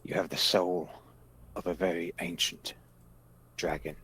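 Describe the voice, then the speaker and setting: A man narrating as game master of a tabletop game, halting with frequent restarts and casual swearing. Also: low-pitched, fairly even intonation, fairly bright tone, breathy edge.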